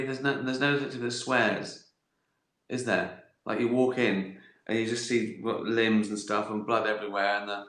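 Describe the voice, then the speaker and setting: Slow rambly guy on a livestream, laughs and swears a lot, echoey room. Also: lowish voice, pushed and bright. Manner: rambling, chuckling, swears freely, jokey asides. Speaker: host answering viewer questions. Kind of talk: casual livestream chat. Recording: roomy echo.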